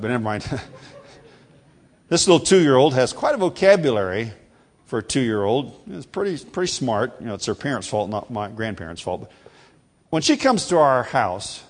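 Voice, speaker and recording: An older man delivers a sermon with a voice that rises and falls widely in pitch. He sits at a middling pitch and preaches emphatically, calling the congregation to say phrases back to him. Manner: animated, emphatic, asks the congregation to repeat phrases. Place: before a live congregation.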